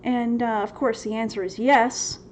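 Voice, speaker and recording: A woman's voice: fairly high pitch, fairly even intonation, moderate pace. A woman hosting a faith-based livestream Q&A, reading viewers' questions from the chat and answering them with frequent laughter. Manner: laughs often, reads chat questions aloud. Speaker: host of a Bible study Q&A. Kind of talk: livestream Q&A teaching. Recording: slightly dull sound with faint noise.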